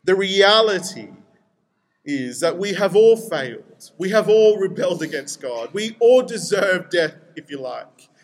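High-voiced lively preaching man. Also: unhurried. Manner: lively, conversational preaching with animated quoted voices. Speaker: pastor. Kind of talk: sermon.

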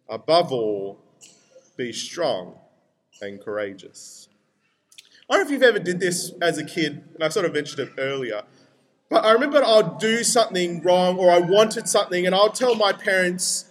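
A young man preaches in a bright, high voice. He keeps it conversational and animated, dropping into quoted voices as he goes. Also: normal speed. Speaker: pastor. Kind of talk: sermon.

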